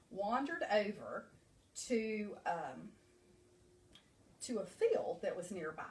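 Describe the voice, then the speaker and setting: A woman nursery school teacher reading a storybook aloud to young children, animated and asking them questions. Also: mid-range voice, slight background noise. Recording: echoey room, mic far off.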